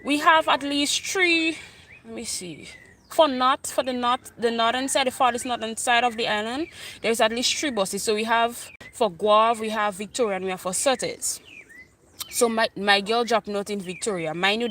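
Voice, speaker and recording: Woman, Grenadian accent, vlogger, animated storytelling, repeats herself, faint noise behind. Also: mid-range voice. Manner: animated, repetitive storytelling in island dialect. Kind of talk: storytime vlog.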